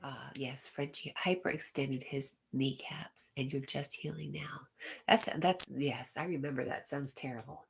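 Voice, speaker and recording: Low husky woman hosting a livestream. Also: steady tone, measured pace. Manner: reads comments aloud and answers viewers directly, drops to a whisper at times. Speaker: livestream host reading viewer chat. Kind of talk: casual livestream chat.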